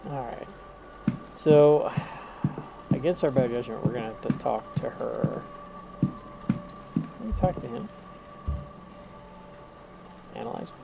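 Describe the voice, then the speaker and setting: A man's voice: mid-range voice, takes it slowly, gravelly, long pauses, heavy background noise. A man streaming a mystery game live, thinking aloud and reading its text. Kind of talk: casual live game commentary.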